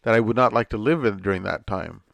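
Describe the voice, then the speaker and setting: A man's voice: on the low side, fast, creaky. A man, the host's son, chatting earnestly on a podcast and insisting on proper, polite language. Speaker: podcast co-host. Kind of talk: casual chat.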